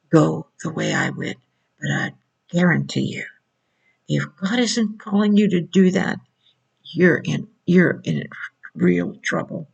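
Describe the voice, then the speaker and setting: A woman's voice: on the low side, vocal fry, slightly rough, rough recording. A woman preaching informally to a video audience, insistent and repeating rhetorical questions.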